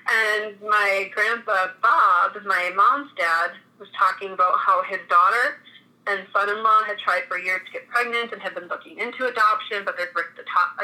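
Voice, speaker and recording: A woman's voice: mid-range voice, bright, forceful tone, rough recording. A woman in her thirties from Minnesota, telling her own story in a chatty way with many restarts. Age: 30s. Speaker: guest. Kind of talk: casual interview conversation.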